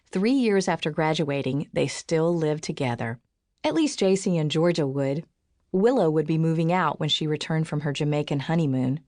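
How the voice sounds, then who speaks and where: Low-voiced woman reading an audiobook. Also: a little mellow, no room sound, clean studio sound. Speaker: audiobook narrator. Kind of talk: scripted audiobook narration.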